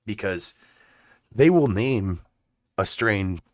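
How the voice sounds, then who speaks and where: Man, podcast host, swearing, laughing, rambling, lively pitch, dry recording. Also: slow pace, no echo. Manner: profane, laughing, rambling storyteller. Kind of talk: casual comedic podcast talk.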